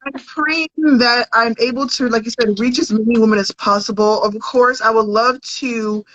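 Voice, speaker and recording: A woman's voice: on the high side, fairly even intonation, moderate pace, fairly bright tone, no echo. A woman who grew up in America, a podcast guest talking about her life in an earnest, conversational way. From United States. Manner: earnest, conversational, with false starts. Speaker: podcast guest, content creator. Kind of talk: casual interview chat. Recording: dull, dry audio.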